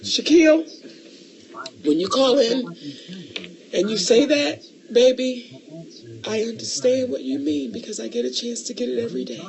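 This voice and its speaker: Loud, profane middle-aged woman co-host. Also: on the high side, moderate pace, creaky, long pauses. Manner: loud, profane and emotional, calls listeners baby. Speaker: podcast co-host. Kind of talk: casual chat.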